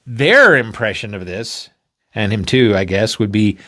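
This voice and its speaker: A man hosting a talk, explaining an idea through an animated story and acting out the characters in quick bursts. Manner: excitable, acts out characters with sudden pitch jumps. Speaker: podcast host.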